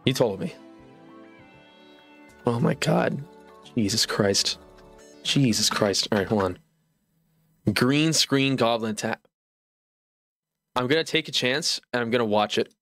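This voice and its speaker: A man's voice: mid-range voice, measured pace, pauses often, fairly bright tone, no room sound, studio quality, soft background music. A young man streaming live from home, ranting in mock outrage with lots of exasperation.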